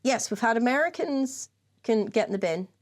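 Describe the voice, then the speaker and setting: A woman's voice: fairly high pitch, lively intonation, moderate pace. A Northern Irish woman co-hosting a podcast, chatting casually, laughing often and swearing as she acts out what people said. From Northern Ireland. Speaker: podcast co-host. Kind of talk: casual chat.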